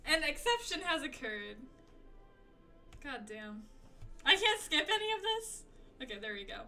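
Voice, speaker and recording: A young adult woman streamer giving live gameplay commentary, excitable, swearing and laughing often. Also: sits high, normal speed, faint music behind. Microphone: desk mic, no camera.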